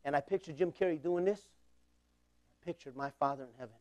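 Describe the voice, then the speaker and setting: High-voiced impassioned preacher man. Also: moderate pace, long pauses, warm tone. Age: 40s. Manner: impassioned preaching with call-and-response. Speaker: pastor. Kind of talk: sermon.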